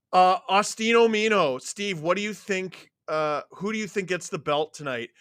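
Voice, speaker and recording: A man hosting a live watchalong stream, excitedly reading out viewer names and swearing freely. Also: high voice, normal speed, few pauses, dry recording, studio quality.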